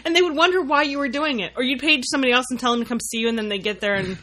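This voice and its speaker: A woman co-hosting a casual chat, adding quick amused remarks and telling a short office anecdote. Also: sits high, bright, forceful tone.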